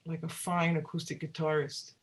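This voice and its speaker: Musician lady telling stories on an interview, animated, acts out what people said. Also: low-pitched, moderate pace. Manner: animated, acts out quoted dialogue. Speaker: singer-songwriter guest. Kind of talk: storytelling in a casual interview.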